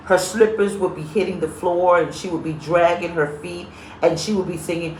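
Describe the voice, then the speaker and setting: In an echoey room with a bit of background noise, a woman pastor livestreams her sermon at normal speed, her voice on the low side. She tells funny stories with lively energy and calls out viewers by name as she goes.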